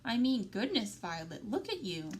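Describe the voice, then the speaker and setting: A worn, tender mother from a storybook, read by a woman in a soft, gentle, pleading voice. Her pitch sits in an ordinary middle range, and a faint hum of room noise lies underneath. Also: very animated, moderate pace, close to an everyday voice. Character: worn, tender working-class mother of a grown daughter. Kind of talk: read-aloud storybook dialogue.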